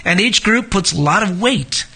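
A male preacher with a high, forceful voice works through a passage of scripture. He stops often to comment and asks his congregation pointed rhetorical questions. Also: expressive, normal speed, breathy edge. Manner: reads scripture aloud and comments in between. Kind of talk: expository sermon.

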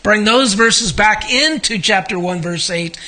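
A man's voice: sits high, measured pace, sharp tone. A man teaching a Bible study, conversational and asking his listeners questions. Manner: conversational, asks the audience questions.

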